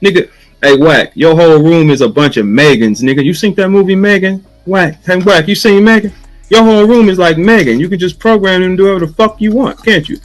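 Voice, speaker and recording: A man from St. Louis, a battle rapper, in a heated rant full of swearing, taunting his target and mimicking a flat chant. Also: high-pitched, brisk, faint music behind, poor audio. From St. Louis, USA.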